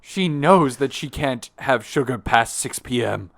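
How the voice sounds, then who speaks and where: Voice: mid-range voice, expressive, a little slow, creaky. An improv actor in a comedy scene, playful and prone to dramatic overreactions. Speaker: podcast co-host, actor. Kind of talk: improvised comedy role-play.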